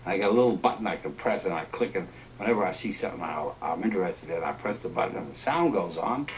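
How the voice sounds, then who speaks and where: A man's voice: deep voice, lively intonation, fast talker, far from the mic, slight background noise. A man imitating an older Southern president with a drawling, blunt and folksy manner. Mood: persuasive.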